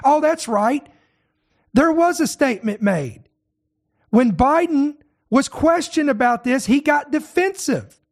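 A man's voice: very high voice, lively intonation, takes it slowly. A man who leads a ministry, hosting an online show and delivering impassioned, indignant commentary full of rhetorical questions.

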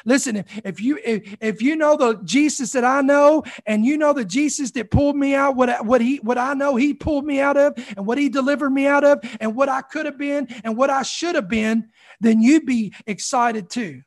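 A man's voice: very high-pitched, moderate pace. A man preaching a sermon with fervor, building up repeated phrases and calling out "come on" to the congregation. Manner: fervent, repetitive preaching with calls of "come on".

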